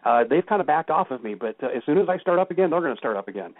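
A man's voice: a little high, very animated, racing, dry recording. A man speaking as a guest on a call-in talk show, telling stories with emphasis. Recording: tinny phone line.

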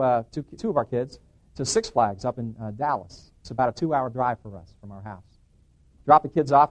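A middle-aged man giving an animated testimony in church, acting out dialogue and restarting his sentences. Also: on the high side. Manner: excited, acts out dialogue, frequent restarts. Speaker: guest speaker giving testimony.

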